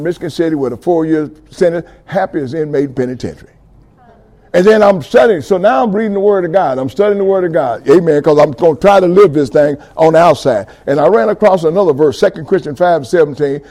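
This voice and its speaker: A middle-aged man giving a fervent testimony sermon, calling out to his audience and building to loud passages. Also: on the high side, fast. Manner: call-and-response with audience, rising fervor.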